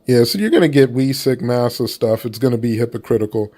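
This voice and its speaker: Male commentator, mid-pitched voice, blunt and profane, rambles loosely, casual opinion talk. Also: a little fast, warm tone. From United States.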